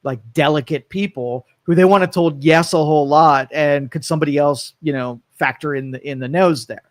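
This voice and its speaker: A man's voice: a little high, normal speed. Rambling, opinionated male radio host. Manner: rambling, animated storytelling. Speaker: radio talk show host. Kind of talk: casual opinion talk.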